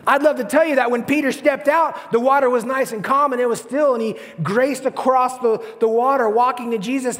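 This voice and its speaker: A male pastor preaching a sermon with animated storytelling, acting out the people in it. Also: very high voice, long reverb tail. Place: church.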